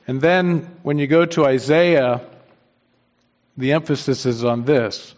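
A man's voice: medium pitch, fairly even intonation, slow, a little mellow. A man preaching a sermon, earnest and emphatic, repeating his key phrases for weight. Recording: dull sound with long hall reverb.

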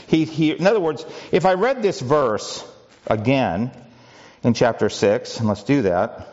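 Man preaching a sermon, middle pitch, chatty questions, lots of restarts, kinda muffled lo-fi sound. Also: sing-song, moderate pace, darkish tone. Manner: conversational teaching with rhetorical questions; frequent restarts and filler words. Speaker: pastor.

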